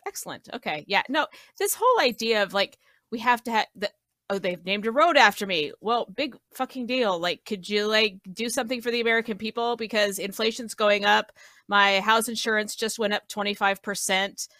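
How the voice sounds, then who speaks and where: Sarcastic, bright-voiced woman panelist. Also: medium pitch, fairly quick, dry recording. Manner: sarcastic, blunt. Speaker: podcast panelist. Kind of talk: casual chat.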